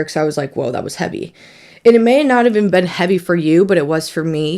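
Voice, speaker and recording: A young woman in her twenties speaks in a somewhat low voice, reflective and halting. She sounds emotional and close to tears as she opens up in a candid podcast conversation. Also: a little mellow. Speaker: daughter, guest.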